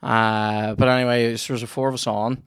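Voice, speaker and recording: A man's voice: medium pitch, level tone, a little fast, a bit bright, clear, resonant tone, no echo, clean studio sound. A young Northern Irish man tells a long, rambling story as the host of a casual chat. He swears freely, restarts his sentences and keeps a middling voice. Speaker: comedian podcast host.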